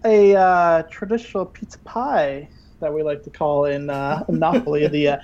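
A man's voice: on the high side, moderate pace, darkish tone, lo-fi sound. A man, a podcast guest, doing playful mock cooking-show patter, rambling with lots of restarts. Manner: jokey, rambling with many restarts.

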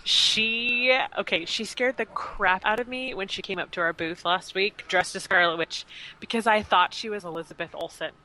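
A woman's voice: mid-range voice, normal speed, bright, forceful tone, low-quality recording. A woman on a fan panel, talking enthusiastically and praising a fellow guest. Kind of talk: casual panel chat.

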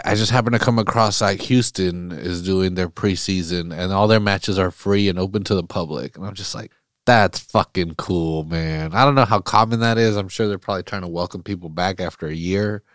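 A man's voice: on the low side, dry recording, clean studio sound. Laid-back profane male podcast host. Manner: laid-back, slangy, profane, laughs often. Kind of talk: casual solo sports podcast. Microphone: podcast mic.

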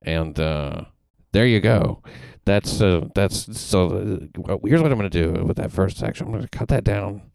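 A very low, gravelly male voice with a smooth, resonant tone, heard close and dry. He is a host from the American South, chatting casually and delivering deadpan jokes through halting restarts. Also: no room sound. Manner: deadpan, jokey, stumbling restarts. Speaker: podcast host. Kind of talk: casual comedic chat.

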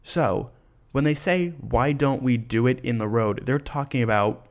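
A man hosting a podcast, chatting casually and laughing as he retells a story with animated asides. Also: medium pitch, unhurried. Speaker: podcast host.

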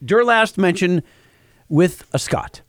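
A man co-hosts a casual podcast, teasing his partner and pushing the banter along in a playful way. His voice is a bit high and very lively in pitch. The recording is dry and close. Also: a little slow, dry recording. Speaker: podcast co-host. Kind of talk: casual chat and host-read ads.

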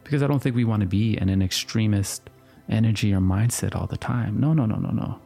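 A man's voice: fairly low pitch, creaky, dark tone. A man giving an earnest motivational talk, often checking in with "you understand?", with faint music behind him. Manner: earnest, repetitive, slow-paced, asks "you understand?".

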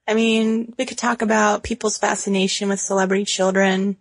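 A woman's voice: mid-range voice, flat delivery, a little fast, creaky, no echo. A woman co-hosting a podcast in casual chat, chatty and laughing, with many fillers. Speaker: podcast co-host.

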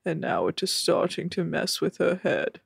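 A woman doing a slow, low, droning impression of a gloomy deadpan young man who seems as lifeless as a walking coffin. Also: creaky, husky, no room sound, clean studio sound, heavily acted.

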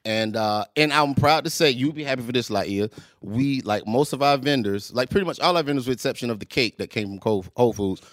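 A man's voice: medium pitch, a little fast, no room sound. A man chatting casually on a podcast, telling a rambling story and laughing often. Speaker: podcast co-host. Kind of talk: casual chat.

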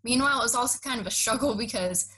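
Young adult woman, bright and lively, chatty interviewee telling her own story. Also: a little high, very fast, husky, poor audio. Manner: animated, acts out quoted dialogue. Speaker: interviewee recounting her enlistment process. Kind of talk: casual storytelling.

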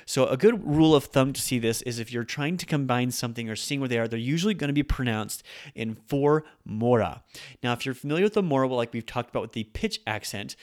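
A man's voice: mid-range voice, brisk. Chatty man teaching Japanese words. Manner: relaxed, chatty, with fillers and self-corrections. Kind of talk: casual spoken language lesson.

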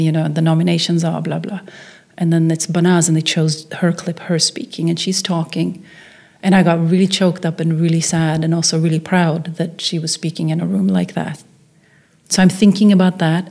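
A middle-aged woman from Norway, a filmmaker guest, telling a story in an interview and acting out the people she quotes. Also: on the low side. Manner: animated storyteller, acts out quoted voices.

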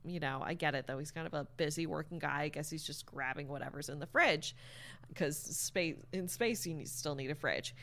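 In a low, slightly bright voice and at a somewhat quick pace, a woman tells a friend what happens in a book. The chat is casual, rambling, and heavy on filler words, with the odd swear.

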